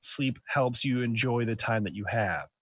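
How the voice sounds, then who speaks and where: A man's voice: medium pitch, normal speed, breathy edge, no echo, clean studio sound. A young adult man hosting a podcast, telling stories in a rambling, profane way full of restarts. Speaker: podcast host. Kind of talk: casual chat.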